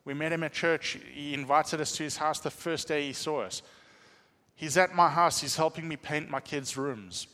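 A man telling a humorous, animated testimony as a pastor in a church. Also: fairly high pitch, normal speed, big-room sound. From South Africa. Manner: animated storytelling, self-deprecating humor. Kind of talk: sermon testimony.

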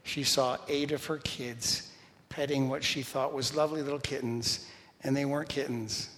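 A middle-aged man preaching a sermon, telling stories with lively shifts and sudden shouted lines. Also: medium pitch, moderate pace. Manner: storytelling, animated, shouts quoted lines. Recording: long hall reverb.

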